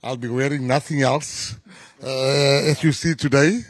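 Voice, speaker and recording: A man's voice: mid-range voice, steady tone, unhurried, no room sound. A South African man, a government minister, giving an effusive, emphatic press conference speech full of repeated phrases.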